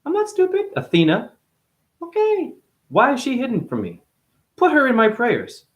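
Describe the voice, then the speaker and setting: A man in chronic pain delivering a rambling, free-associating spiritual monologue, swearing often and swinging between loud outbursts and low mutters. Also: huge pitch swings, moderate pace. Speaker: spiritual talker.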